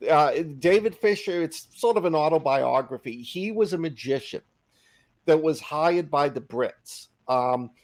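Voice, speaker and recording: A middle-aged man co-hosting a podcast, telling anecdotes in a casual, animated way. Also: a little high, unhurried. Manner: animated anecdote-teller, acts out quotes. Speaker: podcast co-host. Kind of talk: casual storytelling chat.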